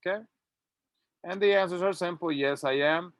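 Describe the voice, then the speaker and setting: A man teaching an English grammar lesson, reading model sentences slowly and clearly for students to repeat. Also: sits high, dry recording, lo-fi sound. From Latin America. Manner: slow, drawn-out model sentences.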